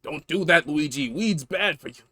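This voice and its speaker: A man's voice: fairly high pitch, lively intonation, normal speed, sharp tone, dry recording, pitched above the performer's own voice. A man on a game stream voicing a stern, mock-righteous older plumber brother who lectures in a middling voice. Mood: preachy. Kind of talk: comedic character voice on a game stream.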